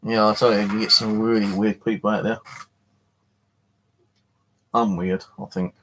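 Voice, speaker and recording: A man hosting a live stream from his flat, chatting casually in a rambling, jokey way and swearing freely. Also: lowish voice, measured pace, a little hiss or hum. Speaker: live streamer and paranormal channel host.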